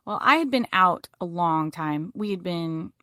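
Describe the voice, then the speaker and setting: A middle-aged woman telling a personal story as a podcast guest, vivid and animated. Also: on the low side, measured pace, dry recording, clean studio sound.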